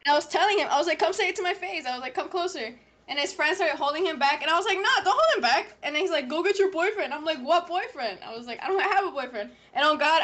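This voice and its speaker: A teenage girl in casual chat, telling an animated story full of fillers and quoted lines. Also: high-pitched. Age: teens. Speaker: podcast co-host.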